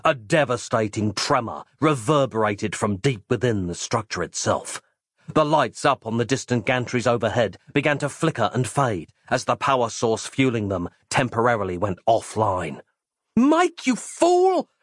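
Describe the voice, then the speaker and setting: A man giving an expressive, playful reading of a comic story, as its narrator. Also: medium pitch, normal speed, dry recording, studio quality. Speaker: audiobook narrator.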